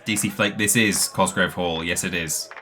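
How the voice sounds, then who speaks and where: A man's voice: low voice, steady tone, normal speed, sharp tone, slight background noise. A man hosting a live watchalong, making wry, joking remarks. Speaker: host. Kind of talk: casual watchalong commentary.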